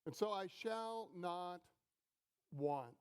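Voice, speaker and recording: Slow, high-voiced middle-aged pastor preaching. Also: male voice, expressive, smooth. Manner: slow, deliberate storytelling with pauses. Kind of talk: sermon.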